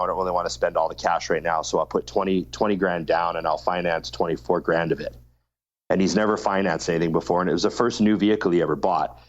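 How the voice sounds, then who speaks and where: Low-voiced man telling a story, lo-fi. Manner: animated storyteller, swears freely. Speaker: podcast co-host. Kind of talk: casual podcast chat.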